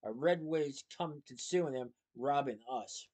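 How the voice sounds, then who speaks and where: A man's voice: mid-range voice, unhurried, a little mellow, close to an everyday voice. A man voicing a pompous, scheming chocolatier villain who barks impatiently. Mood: exasperated. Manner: impatient, barking.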